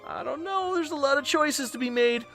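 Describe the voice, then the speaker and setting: A man voicing a goofy, panicky male cartoon dog in a high, squeaky, garbled voice. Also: moderate pace, vocal fry, fairly bright tone, faint music behind, heavily acted. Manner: garbled, sing-song dog-speak.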